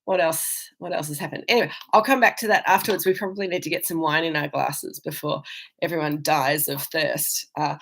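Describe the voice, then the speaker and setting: A woman with an Australian accent hosting a live virtual wine tasting, chatting casually with viewers and rambling with many ums and restarts. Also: fairly low pitch. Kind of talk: casual chat answering viewer comments. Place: indoors, travelling.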